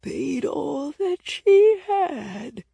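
A woman voicing an ancient, creaky, scratchy blind priest. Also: high-pitched, very animated, dark tone, no echo, clean studio sound, pitched above the performer's own voice, exaggerated voice. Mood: cryptic. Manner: slow, drawn-out, half-whispered.

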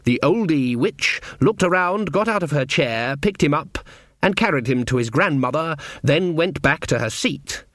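A man narrating a story with wry, expressive storytelling. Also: on the high side, moderate pace, no echo, studio quality. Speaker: audiobook narrator. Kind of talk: scripted narration.

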